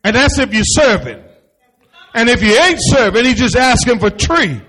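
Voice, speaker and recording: A male pastor preaching in a high, husky voice that leaps all over the place. He speaks in a folksy way, calling out to the congregation and acting out the voices of the people he quotes. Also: normal speed. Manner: animated preaching with folksy asides and call-and-response. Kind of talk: sermon.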